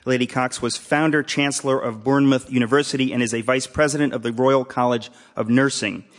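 Deadpan man hosting a live event. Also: mid-range voice, a little fast. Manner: dry, deadpan joking with asides. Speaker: host introducing a speaker. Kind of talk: humorous introduction at a live event. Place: hall with a live audience.

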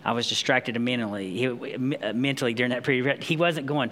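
A man's voice: medium pitch, fairly quick, hardly any pauses, a bit bright, a little hiss or hum. A man preaching, reading scripture aloud and then explaining it in a conversational, emphatic way. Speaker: pastor. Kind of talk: sermon.

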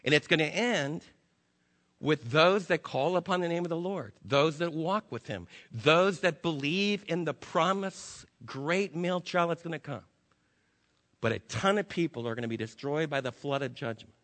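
A pastor delivering an impassioned sermon, swinging between loud urging and hushed, slow emphasis. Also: male voice, fairly high pitch, animated. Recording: long reverb of a large hall.

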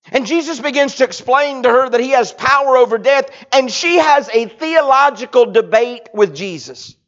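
A man, preaching a sermon that swings from loud to hushed. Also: extremely high pitch, big pitch swings, normal speed. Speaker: pastor. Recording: dull lo-fi recording.

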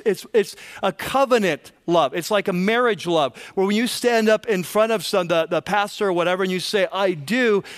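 A middle-aged man, a pastor, preaching a sermon in a conversational way, often repeating words as he restarts. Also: high voice.

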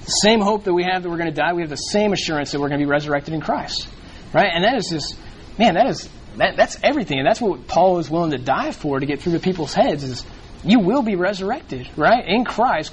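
A man teaches scripture to a small group in an easy, unscripted way, circling back and restarting his sentences often. His voice sits a little high for a man. A faint hiss of noise runs under the recording. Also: poor audio. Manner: rambling, frequent fillers and restarts. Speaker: bible study leader. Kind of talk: casual bible teaching.

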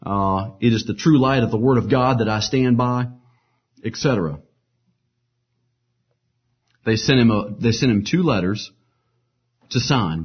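A man's voice: mid-range voice, breathy edge, muffled recording. A man reading martyr stories aloud as a preacher, voicing the quoted lines with rising force and breaking off for casual asides. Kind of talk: dramatic storytelling reading with asides.

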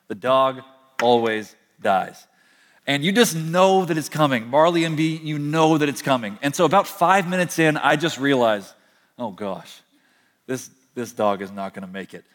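A young man preaching a sermon from a stage, telling stories in a conversational way with slow, emphatic pauses. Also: medium pitch, animated, in a large hall. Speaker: pastor. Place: large hall, speaking from a stage.

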